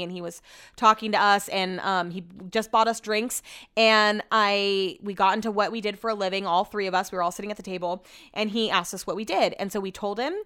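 A woman's voice: mid-range voice, a bit bright. A young adult woman hosting a podcast in casual chat, rambling and chatty, saying like a lot and swearing offhand.

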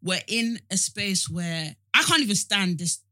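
Blunt, outspoken woman with a bright voice. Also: mid-range voice, measured pace. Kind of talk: casual chat.

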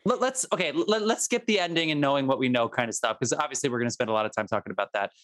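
A man's voice: medium pitch, racing, fairly bright tone. A man hosting a casual podcast chat, rambling and restarting his sentences with laughing asides. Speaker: podcast host.

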